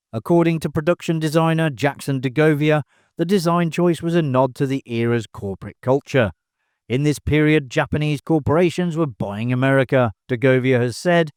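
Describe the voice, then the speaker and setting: A man narrating a movie trivia video in an even, measured scripted delivery. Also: a little high, clear, resonant tone, no echo, clean studio sound.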